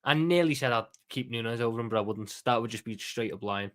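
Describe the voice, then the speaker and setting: Co-hosting a football watchalong, a man with a Scouse accent trades blunt, sweary, jokey banter in casual chat. His voice is medium-pitched and brisk.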